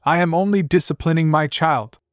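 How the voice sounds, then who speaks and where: A man shouting as a raging tyrant duke. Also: a little high, brisk, no room sound, clean studio sound, voice pushed up, natural voice. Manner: bellowing, shouting in rage. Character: furious tyrannical noble father, older man.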